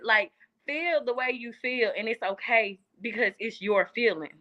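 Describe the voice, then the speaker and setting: A young woman talking with heartfelt earnestness, leaning on repetition to make her point. Her voice has a bright, forceful edge. The sound is dull and lo-fi. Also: mid-range voice, moderate pace. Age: young adult. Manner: earnest, heartfelt, repeats herself for emphasis. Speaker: guest. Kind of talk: casual chat.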